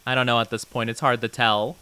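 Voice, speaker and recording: A man's voice: mid-range voice, flat delivery, quick pace, bright, forceful tone, smooth, dry recording. A man streaming a video game live, chatting with his viewers and playfully, flusteredly denying their teasing. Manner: playful, flustered denials when chat teases. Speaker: VTuber streamer. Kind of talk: live gameplay stream commentary, reading chat.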